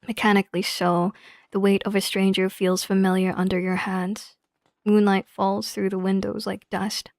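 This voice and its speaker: A woman streamer reading a story game's narration aloud in a slow, hushed way, breaking off for blunt, swearing asides. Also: mid-range voice, flat delivery, no room sound.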